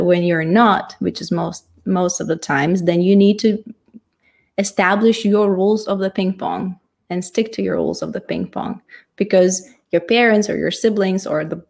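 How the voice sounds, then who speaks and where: A woman teaching how to communicate, in a reflective, halting way that thinks aloud. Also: lowish voice, vocal fry, darkish tone. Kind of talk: casual teaching talk.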